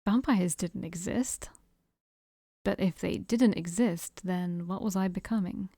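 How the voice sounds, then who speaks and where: A woman's voice: fairly low pitch, unhurried, mellow, dry recording, clean studio sound. A woman playing a visual novel on stream, reading its narration aloud and breaking off to joke and laugh at it. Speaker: game streamer.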